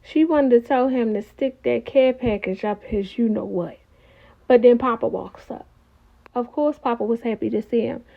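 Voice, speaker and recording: A woman's voice: on the high side, moderate pace, gravelly. A woman giving a casual, opinionated recap of a TV episode and talking straight to her viewers. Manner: chatty, opinionated, talks to viewers as y'all. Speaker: TV recap reviewer. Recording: tinny phone-like audio.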